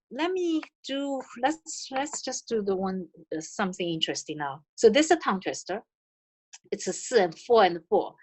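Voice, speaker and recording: Middle-aged woman, first language Chinese, teaching over a video call; patient, shows things slowly. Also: mid-range voice, a little mellow. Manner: patient, demonstrates counting and tongue twisters slowly. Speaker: language presenter. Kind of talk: online language lesson.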